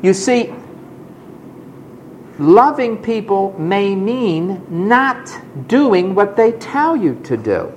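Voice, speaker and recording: A man's voice: high voice, very animated, drawn-out words, slight background noise. A man preaching a sermon, telling a personal story with emphatic, dramatic delivery and acting out the people he quotes.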